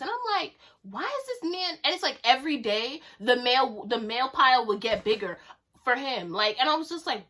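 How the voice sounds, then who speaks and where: A woman telling a casual storytime vlog in an animated, chatty, slangy way, acting out the lines people said to her. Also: high voice. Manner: animated, chatty, slangy, acts out quoted dialogue.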